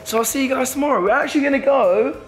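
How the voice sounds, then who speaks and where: A man's voice: extremely high pitch, very fast, soft background music. A young man with an English accent, chatting casually to camera in a joking travel vlog. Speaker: vlogger.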